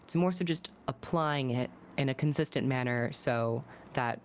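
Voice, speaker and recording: A woman on a gaming podcast, giving her views in a measured, thoughtful way. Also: rumbling low, slight background noise. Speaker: podcast guest. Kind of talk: casual gaming chat.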